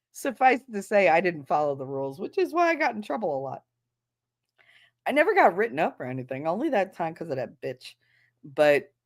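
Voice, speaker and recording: A woman who is a former schoolteacher, talking bluntly and with profanity in a casual livestream chat. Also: fairly low pitch. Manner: blunt and profane, acts out quoted voices.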